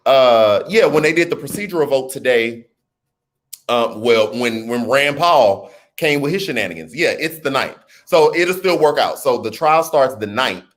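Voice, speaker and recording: A man hosting a casual livestream, reading viewer comments and joking with loud laughter. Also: mid-range voice, expressive, moderate pace. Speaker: host of a political livestream.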